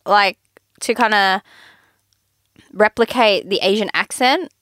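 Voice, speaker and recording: A woman co-hosting a podcast in casual chat, quick and indignant. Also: mid-range voice, fairly bright tone, dry recording, clean studio sound. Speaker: podcast co-host.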